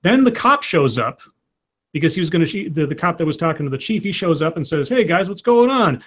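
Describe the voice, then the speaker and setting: A man's voice: on the high side, lively intonation, fast talker, fairly bright tone, slightly rough. A man co-hosting a casual chat, retelling a movie scene by scene with lots of restarts and acted-out quotes. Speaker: podcast co-host recapping a movie.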